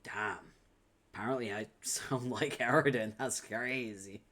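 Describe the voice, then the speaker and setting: A man's voice: medium pitch, a little slow, bright, forceful tone. Chatty, laughing man live-streaming a comic read. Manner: laughs often, swears casually, chatty asides. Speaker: streamer reading a webcomic aloud. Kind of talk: casual live-stream reading and chat.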